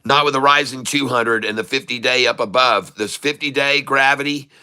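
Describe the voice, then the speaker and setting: A middle-aged man hosting live day-trading commentary, excitable and folksy, repeating phrases for emphasis. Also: mid-range voice, normal speed, clean tone. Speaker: day trader host.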